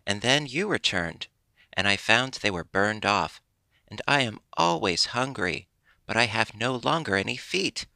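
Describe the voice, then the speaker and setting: A man's voice: fairly low pitch, animated, measured pace, creaky, sharp tone, dry recording, exaggerated voice. A man voicing a fretful, greedy wooden puppet boy who wails and complains in a raised, strained voice. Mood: wailing. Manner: wailing, fretful.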